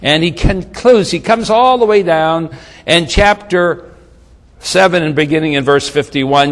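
Man preaching, fairly high voice, reads verses with rising emphasis, long hall echo. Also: unhurried. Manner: reads scripture aloud with rising emphasis, casual asides. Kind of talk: sermon, Bible exposition.

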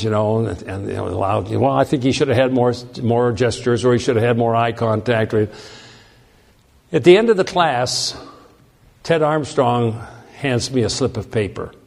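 A man preaching a sermon, telling a self-deprecating personal story with lively, animated delivery and frequent restarts. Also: mid-range voice, moderate pace, creaky.

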